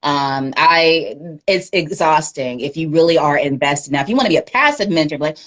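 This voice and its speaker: A woman with a deep, low-set voice gives a candid livestream interview. She talks in an animated, unguarded way and laughs often. She is heard through a phone or webcam mic. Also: normal speed, hardly any pauses. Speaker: guest media professional.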